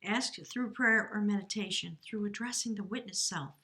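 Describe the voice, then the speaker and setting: A woman's voice: medium pitch, moderate pace, hardly any pauses. Earnest woman giving a tarot reading. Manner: earnest, emotive, drifts into soft whispers. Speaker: tarot reader. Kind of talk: spiritual reading monologue.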